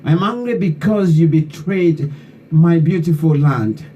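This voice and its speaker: A man's voice: on the high side, a little slow, lo-fi sound. A man from Liberia, hosting an online talk show and delivering fervent, repetitive political commentary that scolds his listeners. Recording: distant mic with faint background noise.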